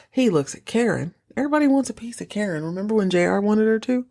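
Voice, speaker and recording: A woman hosts a podcast, chatting casually as she recaps a TV episode and acts out the characters' lines in a jokey, animated way. Her voice is mid-range, and she talks quickly with few pauses.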